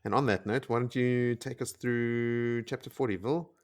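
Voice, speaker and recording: A man's voice: medium pitch, steady tone, moderate pace. A man co-hosting a casual book podcast, making wry joking asides and steering the talk. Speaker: podcast co-host. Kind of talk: casual book-club chat.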